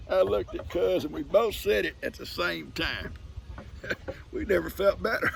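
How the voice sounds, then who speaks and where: Gravelly older man telling yarns. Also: medium pitch, normal speed, a little hiss or hum. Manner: chuckling, folksy, talks to his dogs. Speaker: vlogger. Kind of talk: casual storytelling. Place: outdoors on a farm.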